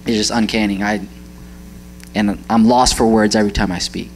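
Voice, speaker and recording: A man's voice: on the low side, level tone, moderate pace, a little hiss or hum, rough recording. A young man giving an earnest church testimony about his mother, often searching for words and laughing as he talks. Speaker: church member sharing a testimony. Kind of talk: heartfelt personal testimony.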